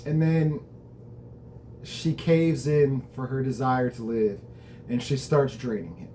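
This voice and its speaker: Slowly and reflectively, a male host talks through a TV episode in a casual, conversational recap, swearing now and then. His medium-pitched voice is dark in tone, with slight background noise.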